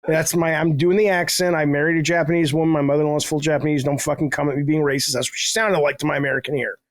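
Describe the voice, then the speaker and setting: A man's voice: fairly high pitch, flat delivery, rapid-fire, no room sound. A middle-aged man telling rambling, self-deprecating stories in a casual podcast chat, swearing freely. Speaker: guest, game developer.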